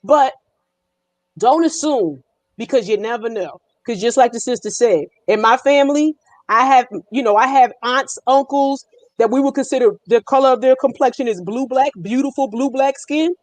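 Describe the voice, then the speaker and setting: A middle-aged Brooklyn woman with a New York–North Jersey accent speaks high at a moderate pace, with no room sound. As a guest in a casual panel discussion, she tells stories animatedly and emphatically.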